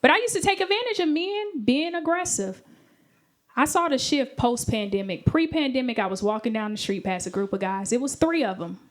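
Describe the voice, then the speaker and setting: Animated woman doing stand-up. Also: high voice, a little fast. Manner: animated, acts out voices of men and friends. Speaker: stand-up comedian. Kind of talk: stand-up comedy set. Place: comedy stage. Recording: live show with audience laughter.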